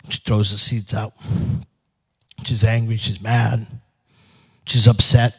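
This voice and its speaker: A man telling a parable in a slow, animated storytelling sermon. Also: on the low side, husky. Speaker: speaker. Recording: hall reverb.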